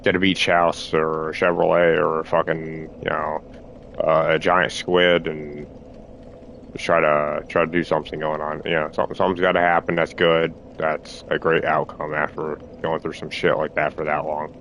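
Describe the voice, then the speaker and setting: A man rambling through a halting monologue, repeating himself, restarting phrases and swearing as he tries to reassure himself. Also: a bass voice, monotone, fairly bright tone, a little hiss or hum. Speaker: streamer.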